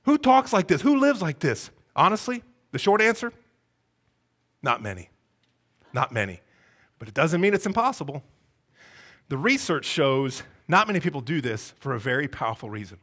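A man's voice: a little high, very animated, normal speed, pauses often, fairly bright tone. A man pastor preaching a sermon, asking the congregation one rhetorical question after another. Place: church sanctuary.

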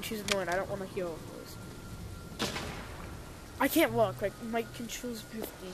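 A young woman chatting casually while playing a VR zombie game, jumpy and quick to shriek when scared. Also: medium pitch, heavy background noise. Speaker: gamer. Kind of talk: casual VR gameplay commentary.

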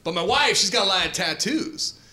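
A man does stand-up on a club stage. His voice sits high and swoops all over, with playful asides to the crowd. The room is echoey and audience noise comes through clearly. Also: expressive, brisk, pushed and bright. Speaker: stand-up comedian. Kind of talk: stand-up comedy set. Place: comedy club stage before a live audience.

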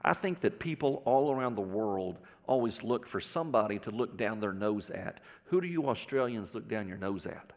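Folksy Texan preacher in a reverberant church. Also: male voice, on the low side, animated, moderate pace, hardly any pauses, a little mellow. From Texas. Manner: folksy storytelling with audience questions. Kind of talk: sermon. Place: church sanctuary.

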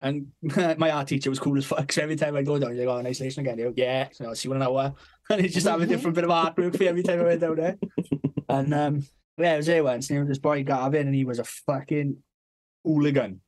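A young man chatting on a podcast, a touch higher-pitched than most men, who spins long, loose stories about home and school. He swears freely and keeps breaking into laughter as he goes. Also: steady tone, fast talker, darkish tone. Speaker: podcast co-host. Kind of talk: casual storytelling chat.

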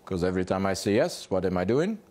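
Low-voiced man teaching dog play. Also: very animated, fast, darkish tone. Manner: poses rhetorical questions and answers them. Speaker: dog trainer. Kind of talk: instructional talk. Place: home garage.

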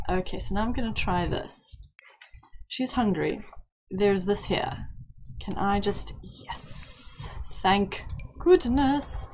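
A young woman giving chatty, excitable commentary while playing a life-sim game, often squealing in delight. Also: mid-range voice, measured pace, pauses often, a little hiss or hum. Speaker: gaming YouTuber. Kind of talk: gameplay commentary.

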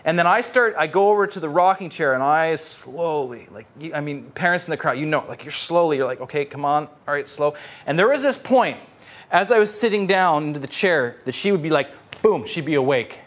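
A young adult male pastor preaching a sermon with animated storytelling, repeating phrases for emphasis. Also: fairly high pitch, fairly quick.

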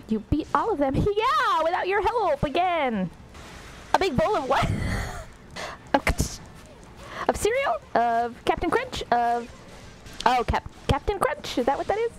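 A woman's voice: extremely high pitch, sing-song, unhurried, soft background music, poor audio. A woman streaming a video game, commenting sarcastically and laughing as she talks back to the characters. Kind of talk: live gameplay commentary.

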